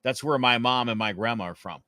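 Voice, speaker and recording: A man's voice: medium pitch, brisk, pushed and bright, no echo, clean studio sound. A young man co-hosting a casual podcast, telling a story with lots of restarts and acted-out quotes. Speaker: podcast co-host.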